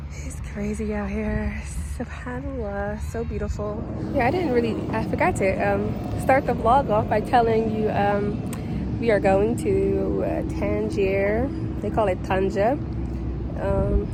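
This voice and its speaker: A woman talking casually to her phone camera in a vlog, excitable and chatty, full of fillers. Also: medium pitch. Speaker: vlogger. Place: outdoors, then a station café and shops. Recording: outdoor noise behind the voice.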